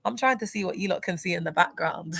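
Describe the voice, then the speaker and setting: A woman chatting casually on a livestream, animated and chatty, reacting to viewer comments. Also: fairly low pitch, quick pace, vocal fry.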